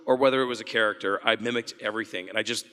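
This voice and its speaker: Chatty, bright-voiced man on a panel. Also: fairly low pitch, fairly even intonation, racing, clean tone, big-room sound. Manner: chatty, laughs often, restarts sentences. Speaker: voice actor panel guest. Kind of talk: convention Q&A panel talk. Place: convention panel room.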